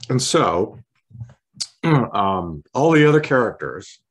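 A male voice actor chatting as an interview guest, relaxed and rambling, often clearing his throat. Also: medium pitch, takes it slowly. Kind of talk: casual interview chat.

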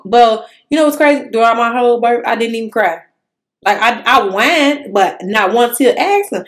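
A young woman hosting a casual podcast chat, telling an animated personal story in casual slang. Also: on the high side, normal speed. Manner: animated storytelling, Southern Black-American vernacular slang. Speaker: podcast host.

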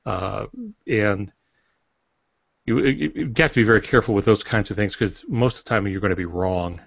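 A man's voice: on the low side, normal speed, gravelly, no echo. A man on a podcast explaining a writing idea at length in casual talk with fillers. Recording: dry, dull lo-fi podcast audio.

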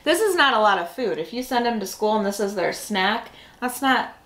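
A woman hosts a casual snack review, chatting away and filling her thinking-aloud with fillers. Her voice is a little high, a bit bright, animated and brisk, though the audio quality is poor.

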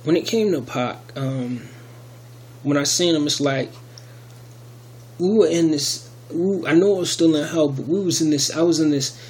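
A man's voice: a little high, normal speed, a little mellow, slight background noise. Rambling man telling a testimony. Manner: rambling, many restarts and fillers. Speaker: video testimony speaker. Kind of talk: casual spoken testimony.

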